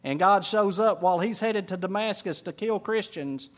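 A middle-aged pastor preaches in a high voice. He tells his stories with feeling, dropping low and quiet and then rising to a shout. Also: normal speed. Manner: storytelling preacher, swings from hushed to shouting. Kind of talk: sermon.

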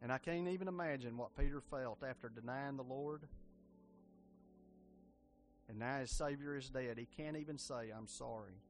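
A man preaching an evangelistic sermon, impassioned, rising and falling with dramatic pauses. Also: medium pitch, slight background noise.

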